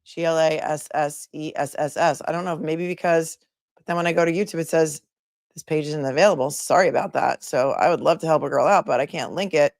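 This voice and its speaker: A woman's voice: sits low, fairly even intonation, quick pace, creaky, a little mellow, no room sound, studio quality. A woman hosting a live stream, chatting casually with viewers while she searches for a link. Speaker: livestream host, attorney. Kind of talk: casual livestream chat.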